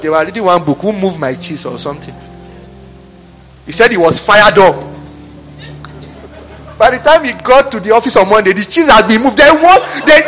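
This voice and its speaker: A man preaching a sermon, animated, laughing and acting out office scenes. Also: high-pitched.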